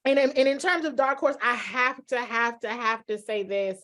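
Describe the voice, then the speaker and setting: Female sports commentator guest, casual and lively, a bit high-pitched. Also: normal speed. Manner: lively storyteller, animated quoting.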